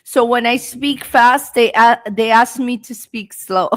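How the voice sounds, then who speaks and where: Slow-speaking woman teaching English live. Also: a little high. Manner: slow, deliberate, encouraging teaching delivery. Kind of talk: live-stream lesson.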